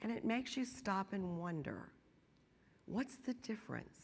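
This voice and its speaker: A middle-aged woman giving a keynote speech, telling stories with animated, rising emphasis. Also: mid-range voice, unhurried, creaky. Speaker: keynote speaker. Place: large conference hall. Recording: long hall reverb.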